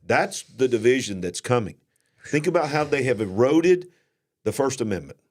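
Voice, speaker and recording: A man's voice: mid-range voice, sing-song, normal speed, darkish tone. A man with a Southern US accent co-hosting a live-stream show, talking in a folksy, emphatic way and repeating himself for stress.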